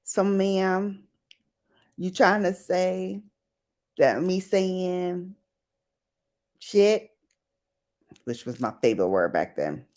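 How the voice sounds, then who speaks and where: A woman's voice: on the low side, lively intonation, very slow, pauses often, darkish tone. A woman hosting a casual late-night livestream on her laptop mic. She laughs often and greets viewers by name. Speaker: livestream host.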